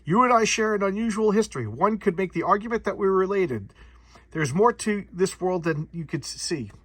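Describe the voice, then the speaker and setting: A man's voice: fairly high pitch, normal speed, slightly rough, no echo. Man doing a grave Frankenstein monster. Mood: solemn. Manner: grave, formal speech. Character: Frankenstein's monster, huge solemn ancient male creature.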